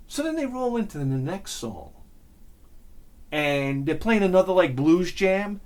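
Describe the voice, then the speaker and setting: Animated, excitable man rambling. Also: high voice, unhurried. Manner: excitable, rambling, swears freely. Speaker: channel host. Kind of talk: casual storytelling monologue.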